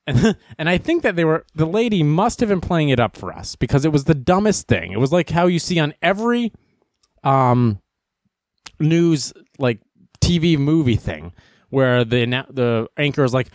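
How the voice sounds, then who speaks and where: Animated joking male comedy news host. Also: mid-range voice, no room sound, clean studio sound. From Boston area. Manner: joking, rambling, animated, with quick asides. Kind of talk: casual comedic news commentary.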